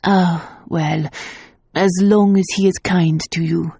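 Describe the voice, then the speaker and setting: Woman doing a slow, warm-voiced, vain noblewoman mother, coquettish; a dry, close read. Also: fairly low pitch, husky, dry recording, heavily acted. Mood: resigned. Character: vain aristocratic mother, fond of jewels.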